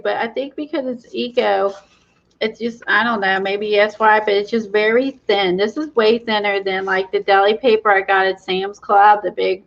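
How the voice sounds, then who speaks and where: A woman's voice: mid-range voice, creaky, dull audio. A woman hosting a craft livestream, chatting casually, laughing often and reading the live chat.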